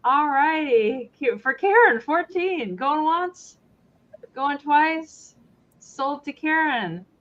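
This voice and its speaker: A woman's voice: sits high, animated, slow, no room sound, muffled recording. A woman joking playfully on a live-stream sale, calling out bids like an auctioneer. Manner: playful, jokey, mock auctioneer. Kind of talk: casual live-sale chat.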